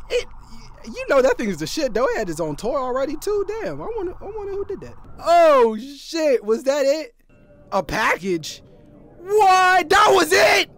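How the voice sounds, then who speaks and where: Man streaming a horror game, high and bright voice, wild swings in pitch, shouting, swearing. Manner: loud, profane, shouting reactions. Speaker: gaming streamer. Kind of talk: gaming reaction commentary.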